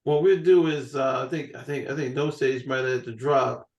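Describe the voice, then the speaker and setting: A man's voice: mid-range voice, normal speed, echoey room, dull audio. A man in his forties hosting a podcast, telling jokey stories in casual chat. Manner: joking, animated storytelling. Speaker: podcast host.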